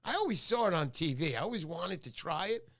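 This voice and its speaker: A man's voice: on the high side, very animated, fairly quick, a bit bright. A middle-aged man hosting a casual fishing livestream, chatty and joking as he greets viewers by name. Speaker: fishing show host. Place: home livestream.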